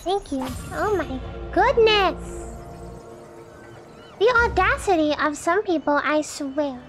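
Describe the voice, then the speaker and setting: Very high-voiced woman yelling at a game. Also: expressive, takes it slowly, faint music behind. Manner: loud, exclamatory, swears and jokes at the game. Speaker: gaming streamer. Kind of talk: let's play commentary.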